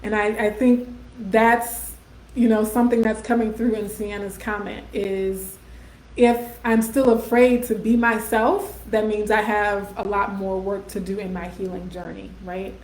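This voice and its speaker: A woman's voice: mid-range voice, little pitch movement, unhurried. A woman, hosting a casual live stream in a chatty way, often checking in with "right?" and "y'all" as she reads viewer comments aloud. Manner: warm conversational, frequent "um", "right?" and "y'all", laughs often. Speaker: host of a live video series. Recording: echoey room.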